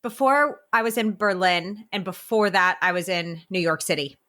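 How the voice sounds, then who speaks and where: Podcast guest: American woman, casual and animated, quick to laugh. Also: on the low side. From United States. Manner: chatty, laughs often, animated. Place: home office with windows open.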